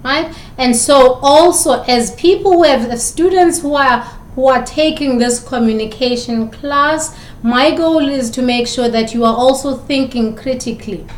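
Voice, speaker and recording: In an echoey room, a South African woman with a high-pitched voice gives recorded lecture commentary as a communication instructor. Her talk is packed with probing rhetorical questions, and she speaks with a South African accent.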